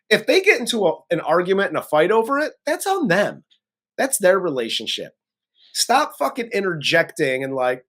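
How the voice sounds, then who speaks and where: A man's voice: sits high, very animated, normal speed, a bit bright. Blunt, laughing man recapping a movie. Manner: profane, laughs often, blunt opinions. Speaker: co-host of a movie review show. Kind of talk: casual chat, recapping a film plot.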